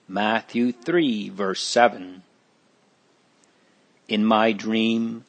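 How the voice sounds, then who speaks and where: A man reads a storybook chapter aloud, taking his time over each phrase. His pitch sits in the middle range and his delivery is plain and deliberate. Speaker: narrator. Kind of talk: storybook narration.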